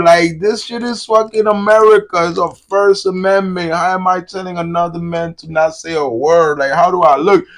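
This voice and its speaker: A man streaming casual reaction commentary in an animated, profane, rambling way. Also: sits high, rough recording.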